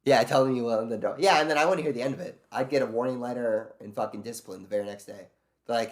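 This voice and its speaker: A man's voice: medium pitch, lively intonation, brisk. A man streaming live, ranting in casual chat with lots of swearing and sarcasm while answering his chat. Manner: ranting, profane, sarcastic storytelling; reads and answers chat messages aloud.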